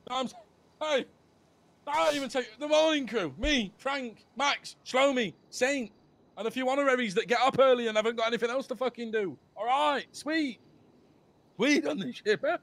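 A man's voice: very high voice, normal speed, a bit bright. A man voicing a hot-headed young male crew boss in a game role-play, ranting and swearing. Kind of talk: GTA role-play voice chat.

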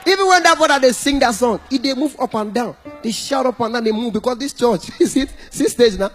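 A man with a Nigerian accent doing stand-up comedy, animated and breaking into song and mock shouting. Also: very high voice, a little fast, soft background music.

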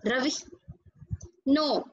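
A woman's voice: high-pitched, very slow, slightly rough, lo-fi sound. A woman with an Indian English accent teaching a class over a video call, patiently calling on students by name and praising them. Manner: patient, repeats names and questions, praises students. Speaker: school teacher.

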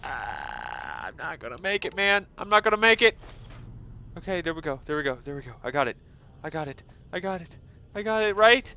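An excitable man commenting on a game as he plays, his voice high and bright. He yelps at every surprise and gushes over loot, swinging from worry to joy. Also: a little fast, gravelly. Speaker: gaming video host. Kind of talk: excitable let's-play commentary.

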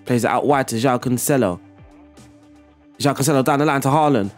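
A man's voice: medium pitch, fast talker, soft background music. Chatty man explaining game tactics. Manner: chatty, excitable, laughs at himself. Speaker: gaming YouTuber. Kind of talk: video game tactics walkthrough and commentary.

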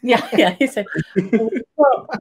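A woman's voice: fairly high pitch, slow. An older woman, a podcast guest, telling a story animatedly and acting out her own past words. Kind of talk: casual storytelling in an interview.

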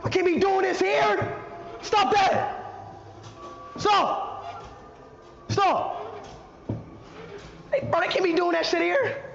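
High, yelling young streamer guy. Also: steady tone, takes it slowly, creaky, pauses often, soft background music. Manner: loud, panicky, swearing and yelling. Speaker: livestreamer. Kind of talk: frantic live-stream reactions. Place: indoor haunted house attraction. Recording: dull lo-fi stream audio, noisy.

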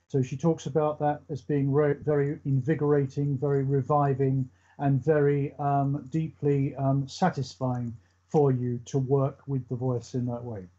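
A man giving a calm, measured psychic reading on a live show. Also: mid-range voice, muffled recording. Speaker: medium.

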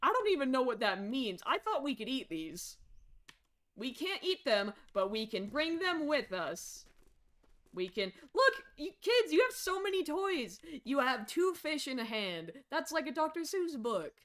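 A woman's voice: sits high, unhurried. A young woman streaming a game, chattering chaotically as a frazzled parent, muttering then shrieking. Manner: excitable, swings from mutters to sudden shrieks. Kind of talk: chaotic game commentary, role-playing a parent.

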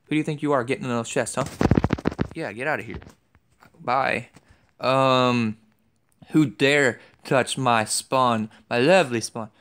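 A young man giving excitable commentary over a game he is playing, trash-talking opponents. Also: mid-range voice, measured pace, pauses often, smooth. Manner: excitable, yelps and trash-talks. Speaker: gaming YouTuber.

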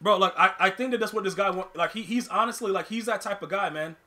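A gaming streamer rants through live gameplay commentary in a high, bright voice at a fast pace. He's animated and slangy, repeating and restarting words as he goes.

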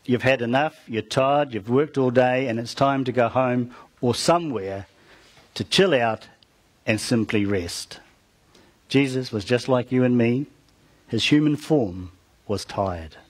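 Man, preacher, husky voice, storytelling sermon, calls out to congregation. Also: mid-range voice, measured pace. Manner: retells a story with call-outs to the congregation.

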